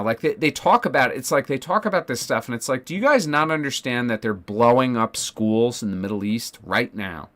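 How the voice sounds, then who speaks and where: A young adult man with a medium-pitched, slightly bright voice rants casually on a political livestream, rambling, restarting sentences and swearing as he discusses politics with his chat.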